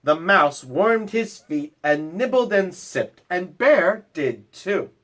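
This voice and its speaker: A man's voice: high voice, lively intonation, takes it slowly, fairly bright tone. Playful man reading a kids' story. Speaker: school librarian. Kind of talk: reading a picture book to children. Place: at home.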